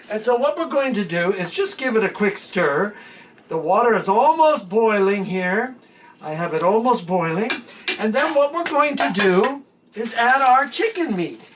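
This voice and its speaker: Lively chatty woman cooking at a distant mic. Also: mid-range voice, a little hiss or hum. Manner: chatty, repeats each step. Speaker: home cooking host. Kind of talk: casual cooking tutorial. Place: home kitchen. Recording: distant mic with faint background music.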